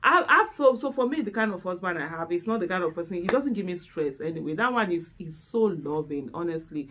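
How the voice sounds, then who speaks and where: A woman with a Nigerian accent chatting candidly to the camera as host, openly emotional and laughing loudly. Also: fairly low pitch, animated, a little fast, slight background noise.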